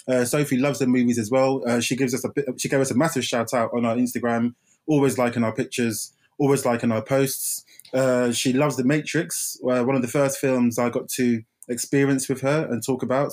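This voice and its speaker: A man co-hosts a casual movie podcast in an easygoing way, repeating himself and laughing often. He sounds a little tired after a gym session. His voice sits at an ordinary middle pitch. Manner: laid-back, laughs often, repeats phrases. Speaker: podcast co-host. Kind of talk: casual film podcast chat.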